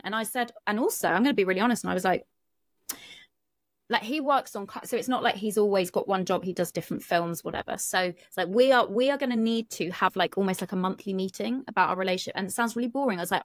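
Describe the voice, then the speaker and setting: In clean studio audio with no echo, a mid-range female voice talks fast. She's a British relationship coach speaking frankly and chattily on a podcast, casually swearing and filling her speech with many fillers during a candid conversation.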